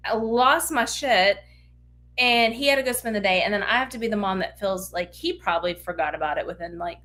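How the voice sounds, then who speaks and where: A woman's voice: medium pitch, fairly quick, fairly bright tone, slight background noise. A woman in her thirties co-hosting a podcast, talking earnestly and reflectively in casual chat, with lots of "like" fillers. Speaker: podcast co-host.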